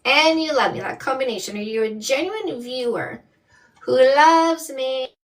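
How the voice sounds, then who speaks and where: A woman from Canada coaching on dating in a live stream, blunt, sassy and emphatic as she reads out comments. Her voice sits high and she takes her time, slightly set back from the mic. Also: a little slow, far from the mic. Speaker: dating coach and livestream host. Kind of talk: live-stream chat, reading viewer comments.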